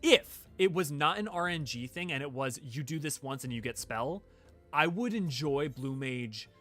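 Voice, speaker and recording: A man's voice: a little high, moderate pace, pushed and bright, faint music behind. A man streaming a game, chatting casually with viewers in an enthusiastic, rambling way with frequent restarts. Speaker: game streamer and lore creator. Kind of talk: casual gameplay chat with viewers.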